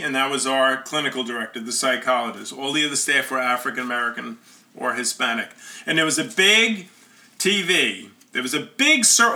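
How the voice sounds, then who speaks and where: A man's voice: mid-range voice, bright, forceful tone. A man telling a personal story in an earnest, conversational way.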